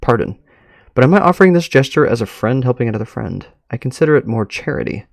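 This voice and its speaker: A man voicing a soft-spoken, polite and calm male friend who offers therapy, read aloud from a story. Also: medium pitch, quick pace, creaky, no room sound, studio quality.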